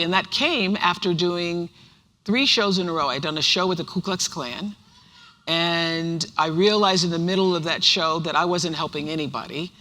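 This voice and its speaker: Forceful older woman telling stories on stage. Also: lowish voice. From United States. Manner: emphatic storytelling with repetition. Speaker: author on stage. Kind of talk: onstage conversation. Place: large university auditorium. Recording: reverberant hall sound.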